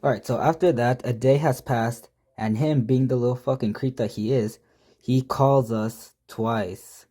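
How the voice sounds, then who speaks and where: A man's voice: medium pitch, fairly even intonation, a little slow, warm tone. A man casually telling a prank story, reading out text messages with profane, mocking, exasperated commentary.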